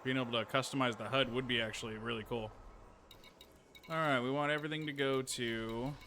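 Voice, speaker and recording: A man's voice: mid-range voice, brisk. Easygoing man streaming a game. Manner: thinks aloud, easygoing and chatty. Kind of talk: casual gameplay commentary. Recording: steady noise behind the voice.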